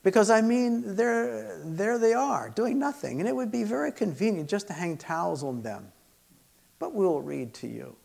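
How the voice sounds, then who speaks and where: A man voicing a fussy, cheerful male rabbit from a children's storybook, in a raised, creaky voice. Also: high voice, lively intonation, normal speed, darkish tone, pitched above the performer's own voice, exaggerated voice. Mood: cheerfully fussy.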